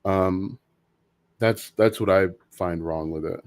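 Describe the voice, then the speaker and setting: Casting: man, lowish voice, livestream host, casual and opinionated, stumbles and restarts. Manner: halting, frequent restarts and fillers, opinionated. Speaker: livestream host answering viewer questions. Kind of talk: casual live Q&A talk.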